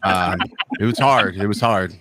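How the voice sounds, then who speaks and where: Deadpan joking man, dry close sound. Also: low-pitched, measured pace, dry recording. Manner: deadpan jokey, self-mocking. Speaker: guest debater, winner of the match. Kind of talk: casual livestream chat.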